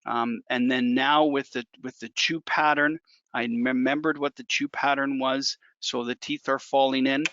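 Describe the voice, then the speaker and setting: A man's voice: mid-range voice, level tone, moderate pace, pushed and bright, slight background noise. A man working as a dental technician instructor, walking through a hands-on demonstration in a conversational way and repeating key points for emphasis. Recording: dull dry lo-fi recording.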